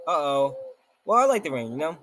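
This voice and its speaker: Man, game streamer, jumpy exclaiming commentary, high voice, lively swooping pitch. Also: a little fast, slight background noise. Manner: jumpy, exclaims often, reads game text aloud. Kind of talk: gameplay commentary.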